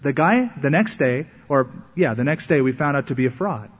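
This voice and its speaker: A man's voice: medium pitch, animated, brisk, few pauses, slightly rough. A man preaching a sermon as a pastor, telling a story and acting out the voices of the people in it. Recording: echoey hall, dull lo-fi sound.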